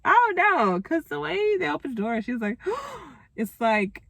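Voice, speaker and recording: A woman giving a casual, animated recap of a TV episode, chatty and exclamatory, with asides to her viewers. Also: sits high, normal speed, creaky, dry recording, clean studio sound. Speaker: TV recap vlogger.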